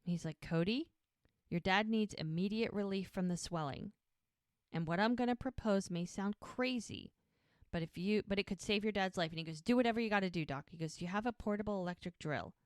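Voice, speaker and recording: A woman's voice: lowish voice, no echo. Woman retelling TV scenes, dry sound. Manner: retells scenes by quoting characters. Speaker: podcast co-host. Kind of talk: casual recap chat.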